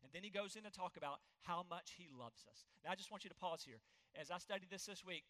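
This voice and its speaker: A man's voice: high-pitched, fast talker, bright, forceful tone, long reverb tail. A man preaching a sermon as pastor, earnest and emphatic, reading scripture aloud to his congregation.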